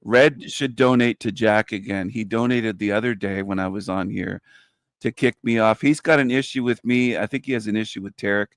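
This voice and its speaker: Gravelly-voiced man teasing on a panel. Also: fairly low pitch, moderate pace, no echo. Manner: teasing, laughing. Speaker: panel guest. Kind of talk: casual panel chat.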